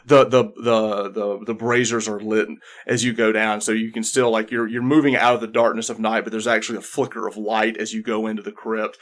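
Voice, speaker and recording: A man's voice: on the low side, little pitch movement, a little fast, hardly any pauses. A man narrating a tabletop game as game master, rambling with many restarts.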